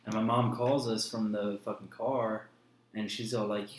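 A man's voice: lowish voice, fairly even intonation, measured pace. A young man telling a personal story in blunt, profane casual chat. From New Jersey. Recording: echoey room, faint noise.

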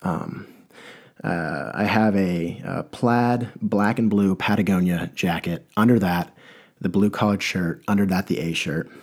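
A young man with a fairly low voice tells a comic story. He rambles in a deadpan way and trips over his words with lots of restarts. The telling is loose and unhurried.

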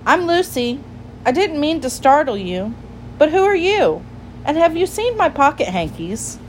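An eager, polite little girl from a storybook, asking her questions with bright curiosity, voiced by a woman reading aloud. The voice rides high and bounces lively. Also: measured pace, a little hiss or hum, rough recording.

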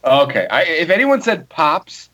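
A man's voice: a little high, sing-song, measured pace, bright, forceful tone, a little hiss or hum. A man in casual banter with friends, blunt and profane in his opinions.

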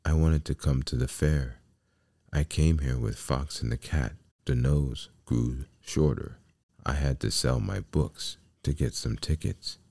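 A man's voice: a bass voice, unhurried, warm tone, no echo, studio quality, exaggerated voice. A man voicing a wooden puppet boy who is eager and keeps fibbing, in a raised, pleading boyish voice. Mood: earnest.

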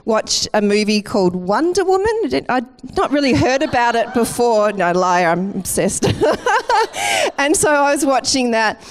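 A middle-aged woman, a campus pastor giving a lively, playful welcome and sermon in church. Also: on the high side, normal speed, slight background noise. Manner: chatty and playful, laughing at herself. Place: church auditorium.

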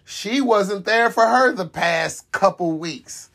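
A man's voice: high voice, slow pace, gravelly, a bit bright, slight background noise. A man hosting a casual wrestling podcast, talking emphatically and teasing his co-host.

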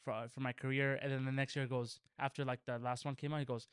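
A man co-hosting a casual podcast, talking quickly and excitably. He swears, laughs and stumbles over restarts as he goes. The sound is dry and close. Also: mid-range voice, clean tone, no echo. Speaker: podcast co-host. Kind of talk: casual chat.

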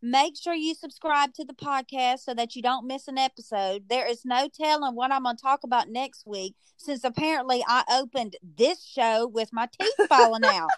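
A woman's voice: sits high, no room sound. Chatty woman podcast host. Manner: animated, chatty, drawn-out emphasis. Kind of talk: casual storytelling chat.

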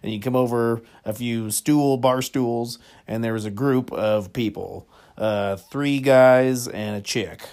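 A man's voice: medium pitch, slow, hardly any pauses, darkish tone. A man hosting a comedy podcast, telling rambling stories with frequent chuckles. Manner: rambling, chuckles often, lots of fillers. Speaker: podcast host. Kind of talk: comedic storytelling monologue.

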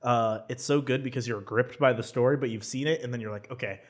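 Excitable young man chatting movies. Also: medium pitch, quick pace. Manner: excitable, rambling, laughs often. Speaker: podcast co-host. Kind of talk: casual chat about movies.

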